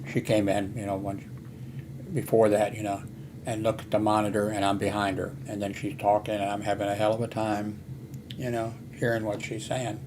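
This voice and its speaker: A man's voice: lowish voice, noisy background. An older man who is hard of hearing, telling a meandering personal story full of fillers and restarts. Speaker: vlogger.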